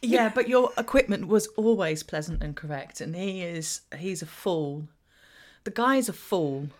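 A woman's voice: on the low side, lively intonation, a little slow, a little mellow. A woman from southern England co-hosting a podcast, chatting casually with playful, self-mocking banter. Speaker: podcast co-host. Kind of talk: casual comedic chat.

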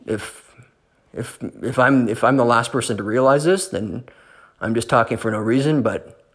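A man's voice: fairly low pitch, husky. A man giving casual closing remarks on a podcast, rambling and hesitant with many fillers.

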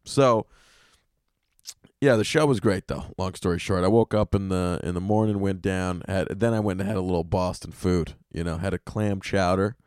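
A man hosting a comedy podcast, ranting in an animated, profane way. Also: low voice, moderate pace, clean tone, no echo, clean studio sound. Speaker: podcast host.

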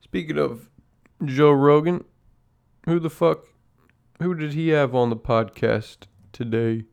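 A man's voice: on the high side, slow pace, creaky, darkish tone, clean tone, dull audio. A man hosting a casual podcast chat, rambling in a laid-back way and swearing constantly over his coffee. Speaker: podcast host. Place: at home drinking coffee.

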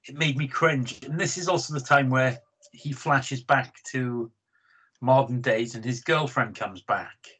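A man's voice: medium pitch, a little slow, fairly bright tone, husky, low-quality recording. A British man chatting casually about a film he dislikes, opinionated and often repeating words as he gets going. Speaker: film podcast co-host. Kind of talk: casual film review chat.

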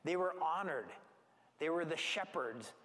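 A man preaching a sermon as pastor, talking in a conversational, animated way with asides and restarts. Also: on the high side, unhurried, in a large hall. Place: church gathering.

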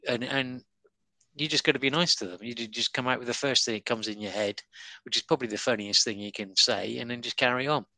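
A man telling comedy stories in a loose, rambling way. His voice is bright and forward, at an ordinary middle pitch. He chuckles along and trips over restarts, speaking through an online call. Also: steady tone, fast, no room sound. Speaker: stand-up comedian, guest. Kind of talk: casual interview chat. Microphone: online call app.

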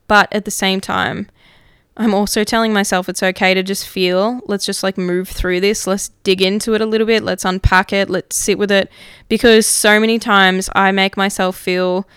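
A woman's voice: medium pitch, a bit bright, clear, resonant tone, no room sound, studio quality. A woman hosting a podcast, talking openly and emotionally about her feelings, swearing casually and often saying "like". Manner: reflective, many fillers like "like". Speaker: podcast host. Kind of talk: candid personal monologue.

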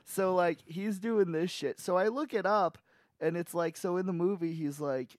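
A young man co-hosting a casual chat, rambling, swearing a lot and laughing loudly. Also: high voice, moderate pace, no echo. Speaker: podcast co-host.

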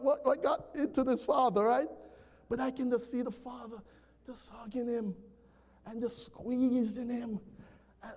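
A male pastor with a high, mellow voice delivers an animated sermon. He swings between loud calls to the congregation and hushed, slowed passages. His voice rings with the long reverb of a church sanctuary.

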